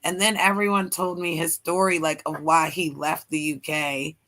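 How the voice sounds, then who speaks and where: A woman's voice: low-pitched, little pitch movement, a bit bright. Rambling American woman from Pennsylvania. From Pennsylvania, United States. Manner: rambling, halting, quick to laugh. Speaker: streamer and guest. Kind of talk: casual chat.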